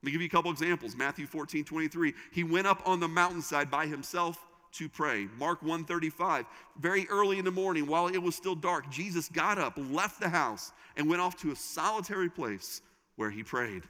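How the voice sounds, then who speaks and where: A middle-aged man preaching a sermon as a pastor, with dramatic pauses and sudden drops to a soft, intimate tone. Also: a little high. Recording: reverberant hall.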